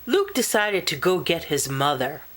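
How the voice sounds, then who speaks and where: A woman reading a children's picture book aloud in a slow, expressive storytelling manner. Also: sits low. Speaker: storybook reader.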